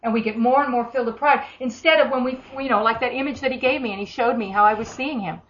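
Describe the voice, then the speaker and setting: A woman with an Australian accent preaching a sermon, telling stories in a chatty, animated way. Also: on the high side, fast. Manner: conversational, animated storytelling with acted quotes. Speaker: minister. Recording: echoey room, dull lo-fi sound.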